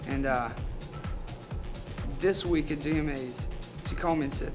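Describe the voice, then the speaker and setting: A young man in a band answering interview questions earnestly about his faith, halting and restarting often. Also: fairly high pitch. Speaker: band member. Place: venue after a concert. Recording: music playing in background.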